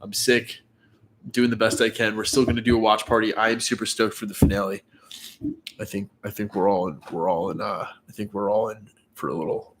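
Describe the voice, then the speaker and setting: A man's voice: lowish voice, slightly rough. Congested man hosting a live chat. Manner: chatty, greets viewers by name, many fillers. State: congested with a cold. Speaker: livestream host. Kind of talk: casual live-chat commentary.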